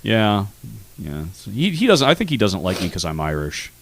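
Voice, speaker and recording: A man's voice: lowish voice, moderate pace, no echo. A man co-hosting a radio comedy show in a studio, rambling through casual banter and filling his sentences with "uh". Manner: animated and rambling, with frequent fillers.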